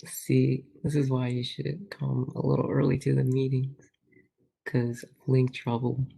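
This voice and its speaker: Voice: mid-range voice, level tone, unhurried, gravelly, dark tone, slightly rough. A meeting chair casually running a student senate meeting over a video call. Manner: casual, chatty presiding.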